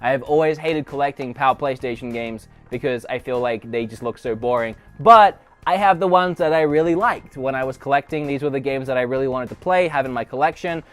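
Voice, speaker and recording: A man's voice: mid-range voice, fairly quick, few pauses, faint music behind. A man with an Australian accent giving a casual, rambling tour of his game room, often correcting himself, recorded on a handheld camera. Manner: rambling, chatty, self-correcting. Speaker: gaming channel host.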